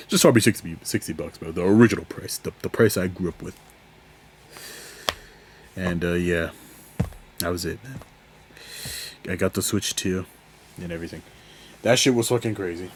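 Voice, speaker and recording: A man's voice: moderate pace, pauses often, husky. A young man hosting a casual solo podcast, rambling through a story with lots of swearing and laughter, his voice jumping up when he gets exasperated. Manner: rambling, profane, laughs often, voice jumps high when exasperated. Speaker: podcast host.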